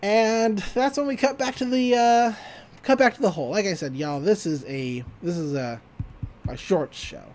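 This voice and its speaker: A podcast host in a casual recap of a cartoon episode, animated and often laughing, slipping into quick character voices. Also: mid-range voice.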